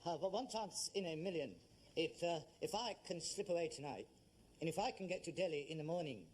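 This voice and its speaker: Actor as exasperated bloke, lively high voice, hissy old TV recording. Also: male voice, fairly quick, close to an everyday voice. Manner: exasperated, stumbling through stiff stage lines. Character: frustrated working-class son with stage ambitions. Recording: noisy old TV soundtrack.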